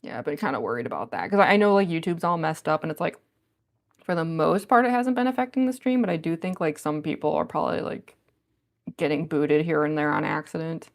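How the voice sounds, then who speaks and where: A woman's voice: deep voice, fairly quick, gravelly. A woman chatting casually on a livestream, reading viewer comments aloud and giggling often. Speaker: cosplayer livestreamer.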